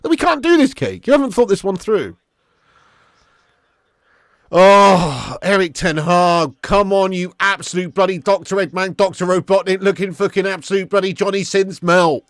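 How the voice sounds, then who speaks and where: A man's voice: high voice, animated, normal speed, fairly bright tone, dry recording, clean studio sound. A man hosting a live football watch-along, chatting casually with his viewers and swearing freely. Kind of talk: live stream commentary and chat.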